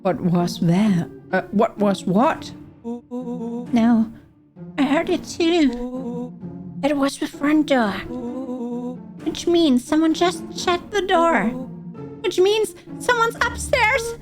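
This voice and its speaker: A woman's voice: high voice, slow, pauses often, over music, voice pushed up. A woman doing jittery storybook kids. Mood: nervous. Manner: voicing characters in a read-aloud game playthrough. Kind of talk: game dialogue read aloud.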